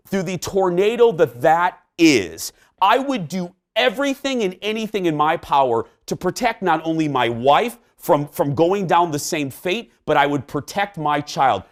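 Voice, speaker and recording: A man's voice: a little high, sing-song, a little slow. A middle-aged man hosting a talk show, giving his opinions in a fired-up, emphatic way.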